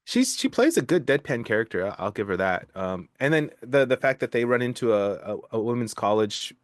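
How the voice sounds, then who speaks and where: A man's voice: medium pitch, big pitch swings, a little fast, no room sound, studio quality. A man co-hosting a podcast, giving easygoing film opinions with hesitant restarts. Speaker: podcast co-host. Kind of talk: casual film review chat.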